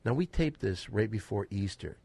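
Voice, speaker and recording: A man's voice: lowish voice, animated, moderate pace, gravelly, breathy edge, no echo. A man co-hosting a podcast in casual comedic banter, bossy and steering the talk. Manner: bossy, steers the talk, shouts to cut others off. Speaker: podcast co-host.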